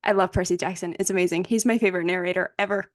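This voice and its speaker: A woman's voice: lowish voice, steady tone, rapid-fire, no echo, clean studio sound. A young woman co-hosting a book podcast, chatting enthusiastically and rambling about favorite books. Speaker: podcast co-host. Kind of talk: casual chat.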